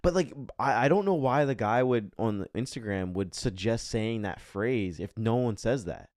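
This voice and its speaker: A young man co-hosting a podcast, telling a travel story in casual chat and clearing his throat now and then. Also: medium pitch, expressive, normal speed, darkish tone, dry recording, studio quality. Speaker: podcast co-host.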